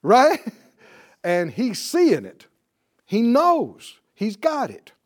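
A man delivers a Bible lesson in a preaching style, his high voice swinging widely in pitch as he stresses key words. He keeps turning to his listeners for a response. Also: wildly swooping pitch, extremely slow. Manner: calls out to the audience for responses; emphatic, rising on key words. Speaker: Bible teacher.

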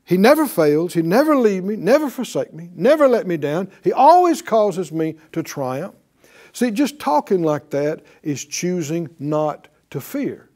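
A man preaching to a class, animated, asking them questions and acting out quotes. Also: sits high. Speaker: bible teacher.

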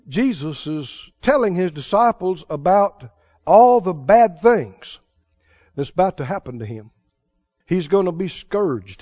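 A man's voice: sits high, dark tone, no room sound. A man preaching a sermon, emphatic and quizzing the congregation, with laughing asides. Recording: dull dry sound.

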